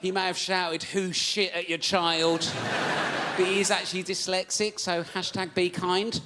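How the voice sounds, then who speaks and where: A man doing a stand-up comedy routine, telling an animated story full of swearing and acted-out shouting. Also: high-pitched, a little slow, heavy background noise. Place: comedy venue stage.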